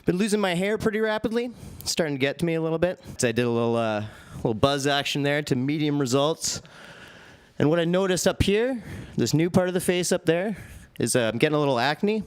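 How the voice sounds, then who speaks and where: A young man doing a stand-up set with a dry, deadpan delivery on a comedy club stage. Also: a little high, a little fast, smooth.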